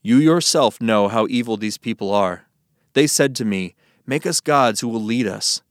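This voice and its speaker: A man's voice: mid-range voice, moderate pace, no echo, studio quality, natural voice. A man voicing Aaron as an evasive priest making excuses in a Bible reading. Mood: defensive.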